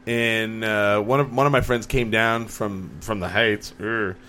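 Animated man telling stories. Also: on the low side, unhurried, a little hiss or hum. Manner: animated storyteller, acts out quotes. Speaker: podcast host. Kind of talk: casual chat.

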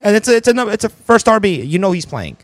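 A man's voice: high-pitched, sing-song, fast talker, dry recording. A man co-hosting a fantasy football panel, pressing his points and repeating words as he argues. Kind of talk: casual sports chat.

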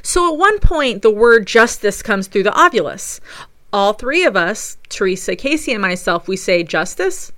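A woman recounts a ghost investigation as a paranormal investigator, telling it with eager enthusiasm. Her voice is bright and smooth, and it sits close and dry with no room around it. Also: medium pitch, lively intonation, moderate pace, dry recording. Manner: enthusiastic storytelling. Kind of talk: narrated recap of a ghost investigation.

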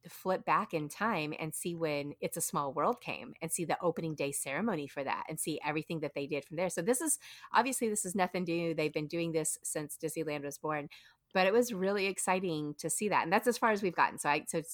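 Excitable chatty woman, dry sound. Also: deep voice, brisk, dry recording. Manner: chatty, excitable, many restarts. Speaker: podcast co-host. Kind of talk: casual chat.

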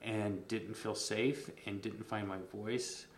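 A man's voice: on the low side, steady tone, takes it slowly, roomy sound, a little hiss or hum. A middle-aged man candidly telling a personal story as a podcast guest, earnest and openly emotional, with frequent ums.

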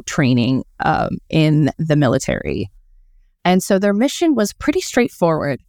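A woman co-hosting a casual podcast, telling a mystery story in a chatty way. Her voice is low and smooth, with a lot of "um" and small restarts. The sound is close and dry, with no room around it. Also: darkish tone, dry recording. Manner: chatty, many fillers and self-corrections. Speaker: podcast co-host.

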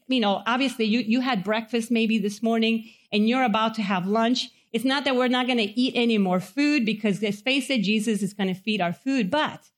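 A woman preaching a sermon in a chapel, conversational, asking the audience questions and acting out quotes. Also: on the high side.

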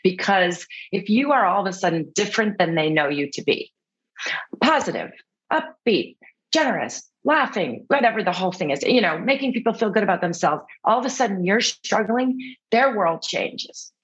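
A woman's voice: mid-range voice, sing-song, moderate pace, a bit bright, husky, muffled recording. A woman speaking as an interview guest, earnest and reflective, now and then acting out what others said. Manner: earnest, reflective, acts out quotes. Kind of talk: candid interview conversation.

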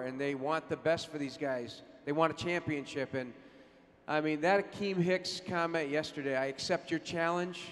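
A male co-host talks emotionally from a convention stage, restarting his sentences as he gushes. His slightly high voice rings in a reverberant hall, with a faint crowd behind him. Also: fairly bright tone. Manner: emotional, stumbling, effusive. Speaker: panel host. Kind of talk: onstage interview question.

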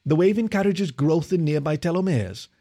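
A man's voice: fairly high pitch, normal speed, dark tone, pitched above the performer's own voice, lightly acted. A man voicing a tired young kitten officer who explains technical matters precisely. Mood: explaining.

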